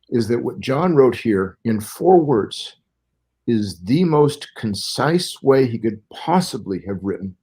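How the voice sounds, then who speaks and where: Older male scholar in his sixties, from Southern California, careful and professorial, explains at length, middle-pitched voice. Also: darkish tone. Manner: careful, lecturing, explains step by step. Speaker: guest Bible scholar. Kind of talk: interview explanation.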